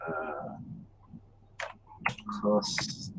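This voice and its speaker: Deep-voiced man, lively rambling talk. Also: normal speed, noisy background. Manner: rambling storyteller, many fillers and restarts. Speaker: reseller livestream host. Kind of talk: casual chat during a livestream.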